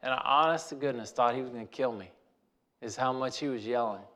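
A man's voice: medium pitch, brisk, fairly bright tone. A man telling a personal story in a folksy way, repeating phrases for emphasis.

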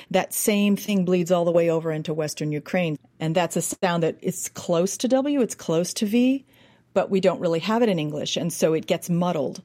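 A woman's voice: on the low side, dark tone, dry recording. An American woman who works as an accent and dialect coach, explaining at length in an interview and demonstrating speech sounds as she goes. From United States.

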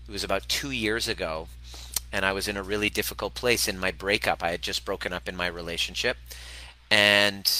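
A man's voice: on the low side, bright, forceful tone, low-quality recording. A man hosting a casual spoken monologue as a relationship coach, candid and a little profane, with frequent restarts. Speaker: podcast host, relationship coach.

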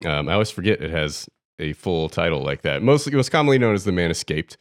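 A man hosting a film podcast, explaining at length in a relaxed way with some fillers. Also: low voice, fast, no echo, clean studio sound. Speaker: podcast host. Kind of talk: casual podcast discussion.

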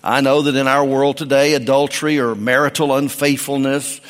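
Emphatic preacher in a reverberant hall. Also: male voice, mid-range voice, flat delivery, moderate pace. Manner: folksy, emphatic, with frequent restarts. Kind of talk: sermon.

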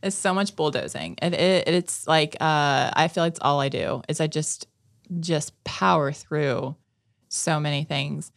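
A woman in her thirties co-hosting a casual chat, telling lively stories and acting out quoted exchanges, swearing casually. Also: low voice, unhurried, vocal fry.

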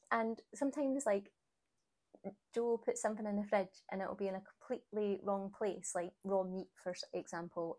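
A woman's voice: medium pitch, darkish tone. Chatty woman podcaster. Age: 30s. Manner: chatty, encouraging, laughs easily. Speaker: podcast host. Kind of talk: solo podcast chat.

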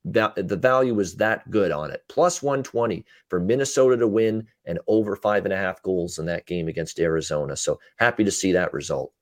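A man with a North American accent and a lowish voice breaks down last night's games. He talks casually, filling gaps with "uh", and the sound is dry and close. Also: no echo. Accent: North American English. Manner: quick recaps with frequent "uh" fillers. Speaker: podcast co-host, betting analyst. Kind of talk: casual sports betting chat.

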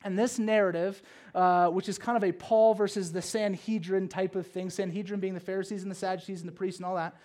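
Male preacher, high voice, animated sermon delivery, swings loud to hushed, chatty asides. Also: fairly quick. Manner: conversational asides with frequent "okay?" and "right?".

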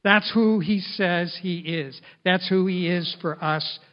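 A middle-aged male pastor preaching a sermon in an animated way, at times speaking in the first person as Jesus. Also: sits high, takes it slowly. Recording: dull lo-fi sound.

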